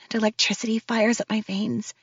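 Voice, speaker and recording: A woman's voice: fairly high pitch, level tone, a little fast, breathy edge, dry recording. A woman narrating a first-person audiobook in a nervous, breathless storytelling manner. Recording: dull, dry studio read.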